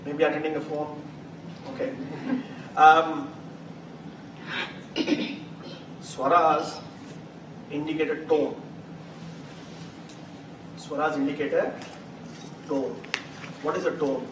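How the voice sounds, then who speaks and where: A man leads a live chanting class, his high voice lively as he acts out examples and laughs. He speaks slowly, heard from a distance in an echoey hall. Steady noise hums underneath. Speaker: Vedic chanting teacher. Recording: roomy, distant mic, noisy.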